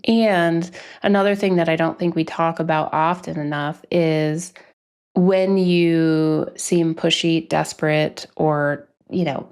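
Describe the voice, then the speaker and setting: A woman hosts a podcast in a measured, emphatic way, often chiming in to agree. Her voice sits low and has a lot of gravelly fry. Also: darkish tone. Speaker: podcast host. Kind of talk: conversational podcast talk.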